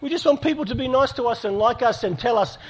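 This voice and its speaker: A man's voice: extremely high pitch, fast talker, husky. A middle-aged man giving an earnest talk to an audience, telling stories. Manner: storytelling, earnest, with acted dialogue. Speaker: speaker. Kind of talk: sermon to a live audience.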